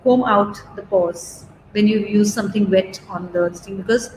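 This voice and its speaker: A woman's voice: mid-range voice, moderate pace. Woman, chatty groomer, reassuring, echoey room. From India. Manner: chatty, reassuring, many fillers and "okay?" checks. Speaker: dog groomer. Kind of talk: live demo and Q&A. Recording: roomy echo, faint background noise.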